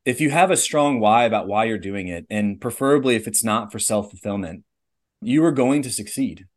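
A man's voice: lowish voice, animated, normal speed. A man in his thirties telling a personal story in a casual interview, earnest and rambling, with lots of "like" and "legit". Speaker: podcast guest, airline pilot.

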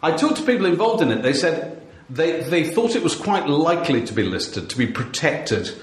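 A man's voice: on the high side, big pitch swings, normal speed, echoey room. A man hosting a podcast, chatting casually and telling wry stories with frequent laughs. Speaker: podcast host. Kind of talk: casual chat.

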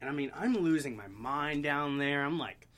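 A man in his twenties telling stories in a casual chat, animated and joking. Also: fairly high pitch, normal speed. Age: 20s. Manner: animated storyteller, puts on silly voices.

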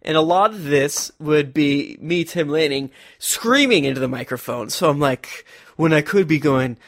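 A man playing a character in a tabletop role-play, animated and jokey, recorded close to the mic. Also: on the high side, moderate pace. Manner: animated, jokey, breaks into laughter. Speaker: player.

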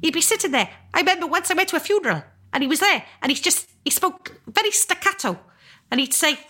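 A middle-aged Welsh woman, an author and actor, chatting as an interview guest and telling stories with animated character voices. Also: extremely high pitch, fast talker. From Wales. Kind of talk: casual interview chat.

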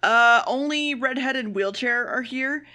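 A woman's voice: sits high, a little slow, bright, forceful tone. A woman co-hosting a casual anime podcast, summing up episodes bluntly and swearing freely. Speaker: podcast co-host. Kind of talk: casual comedic anime recap.

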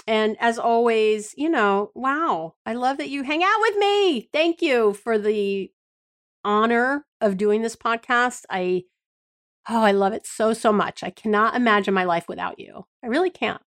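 A woman's voice: fairly high pitch, expressive, unhurried, fairly bright tone. Earnest woman podcast host. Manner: earnest, affectionate, rambling with restarts. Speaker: podcast host, relationship therapist. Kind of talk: heartfelt podcast monologue.

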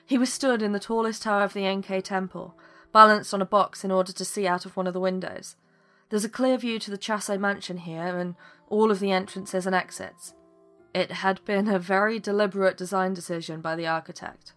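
A woman's voice: fairly low pitch, steady tone, brisk, a bit bright, soft background music. A woman reading a fantasy story aloud, voicing every character in her own voice. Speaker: narrator.

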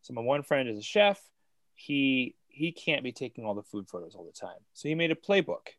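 A man's voice: mid-range voice, big pitch swings, brisk, fairly bright tone, no room sound. Man interviewer, dry close sound. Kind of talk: casual interview talk.

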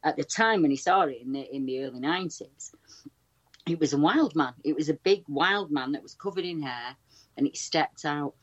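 Low-voiced woman, dull line. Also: normal speed. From England. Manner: chatty, animated retelling with many restarts. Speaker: guest researcher. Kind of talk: casual storytelling over a call.

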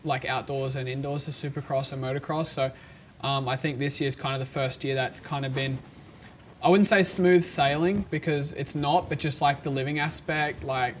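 A man's voice: medium pitch, moderate pace, slight background noise. A man in his twenties with an Australian accent, chatting easily as an interview guest and laughing often. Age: 20s. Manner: easygoing, laughs often, relaxed slang. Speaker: motocross racer, guest. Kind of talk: casual interview chat.

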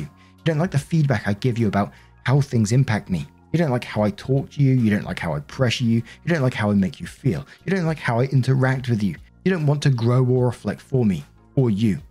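A man's voice: medium pitch, darkish tone, slightly rough. A man reading a bitter, accusing woman. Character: critical, accusing adult woman partner. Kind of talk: story reading.

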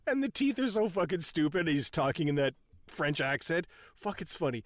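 A man in casual chat about a comedy film, laughing often, swearing and jumping in with quick reactions. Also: a little high, very animated, no room sound. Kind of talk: casual movie recap chat.

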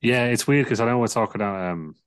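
A man's voice: medium pitch, fast talker, smooth. A man co-hosting a podcast, chatting in a rambling, casual way with many fillers. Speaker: podcast co-host. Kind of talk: casual chat.

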